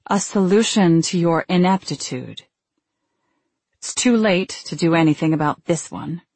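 Narrator doing a cold domineering husband, curt and cutting, low husky voice, slow. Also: female voice, a little mellow, no echo. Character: cold, controlling man, demanding husband.

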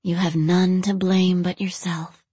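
A woman voicing a possessive, seductive female demon in a storybook reading, soft and assertive. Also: low voice, moderate pace, no echo.

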